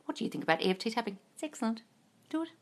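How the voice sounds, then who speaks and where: A woman answering viewers' questions on a live stream, blunt and sweary, scolding her viewers and swinging from low mutters to loud yelling. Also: sing-song, very fast. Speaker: manifesting coach answering live chat questions. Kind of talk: blunt livestream Q&A.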